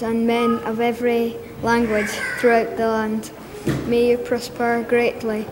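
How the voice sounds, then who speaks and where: A woman reading a Bible passage aloud in church, in a steady reading voice with a few slips. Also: fairly high pitch. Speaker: scripture reader. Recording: echoey church with room noise.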